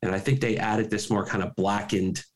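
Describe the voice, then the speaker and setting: A man's voice: fairly low pitch, little pitch movement, moderate pace. A man co-hosting a podcast, talking casually and correcting himself as he goes. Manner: rambling, self-correcting. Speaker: podcast co-host. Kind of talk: casual chat.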